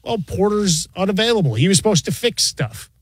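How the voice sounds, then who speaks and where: A man co-hosting sports talk radio, wry and animated, speaking into a studio microphone. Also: high-pitched, fairly quick, slightly rough, no room sound.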